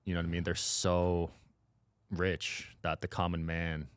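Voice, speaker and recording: Low-voiced matter-of-fact man. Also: completely flat delivery, clear, resonant tone, no room sound. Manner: matter-of-fact, quick agreeing yeahs. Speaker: podcast guest. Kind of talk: casual chat.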